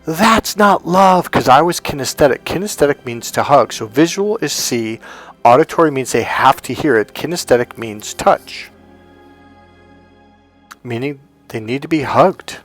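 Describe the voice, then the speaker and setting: A man's voice: medium pitch, normal speed, soft background music. A man working as a dating coach, telling personal stories in a casual monologue and acting out the people he quotes. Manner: animated storyteller, acts out quotes.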